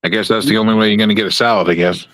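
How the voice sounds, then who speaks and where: A man's voice: lowish voice, fairly even intonation, racing, fairly bright tone, a little hiss or hum. A man co-hosting a podcast in casual chat, making blunt, sardonic remarks. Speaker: podcast co-host.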